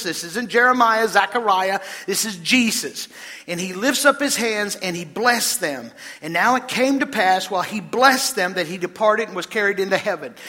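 A man's voice: sits high, pushed and bright, long reverb tail. A man preaching a sermon as pastor, quizzing the congregation and reading scripture aloud. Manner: preaching, addressing congregation with questions.

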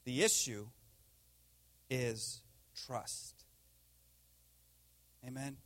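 A man preaching a sermon, animated, swinging between loud rising lines and hushed intense ones. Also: mid-range voice, drawn-out words. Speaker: pastor.

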